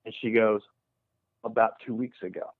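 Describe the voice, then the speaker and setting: This paranormal investigator has a fairly low voice and a moderate pace, recorded dry over a tinny phone line. Recounting a story in a radio interview, he's an animated teller who acts out each quoted voice.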